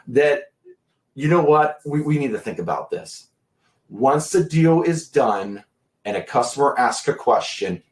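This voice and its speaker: Male sales trainer, middle-pitched, deliberate emphatic delivery, reverberant room. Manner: emphatic, deliberate pacing with long pauses. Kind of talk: instructional talk to camera. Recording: echoey room.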